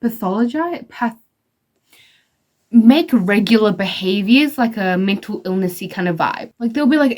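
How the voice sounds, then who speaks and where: A young woman talks straight to camera in a loose, opinionated vlog rant. She is blunt and sassy, swears often and leans on "like" between her thoughts. Her voice sits at an ordinary middle pitch. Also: expressive, measured pace, darkish tone. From outside the United States. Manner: blunt, sassy, profane, lots of "like" fillers. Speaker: vlogger.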